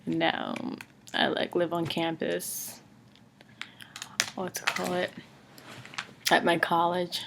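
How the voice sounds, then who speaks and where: A woman's voice: lowish voice, slow, creaky, pauses often, background noise. A young woman from Brooklyn, a college student chatting casually in her dorm room for a vlog, hesitant with many fillers. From Brooklyn, New York. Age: young adult. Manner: relaxed, hesitant with many ums and likes. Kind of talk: casual accent challenge vlog.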